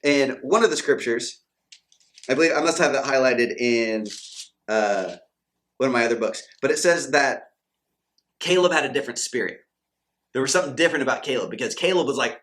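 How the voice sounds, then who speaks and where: A man's voice: mid-range voice, expressive, a little fast, fairly bright tone. A man giving a motivational faith talk to camera as a Christian coach and channel host, fired-up and preachy, acting out quoted doubters and believers.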